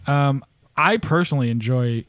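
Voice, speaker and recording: A man's voice: mid-range voice, normal speed, a bit bright, clean tone, no room sound. Sex: man. Origin: from upstate New York. Role: podcast host. Style: casual chat, rambling and profane, laughing often. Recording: dry, close mic.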